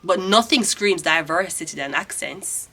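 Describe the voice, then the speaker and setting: A woman's voice: fairly low pitch, expressive, moderate pace, bright, forceful tone. A woman in her thirties with a Jamaican accent giving a casual tarot reading, ranting bluntly and swearing freely. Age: 30s. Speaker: tarot reader.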